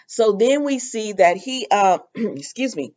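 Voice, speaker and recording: A woman's voice: mid-range voice, a little mellow, dull audio. A woman hosting a casual soap opera recap, chatty and opinionated, with lots of fillers.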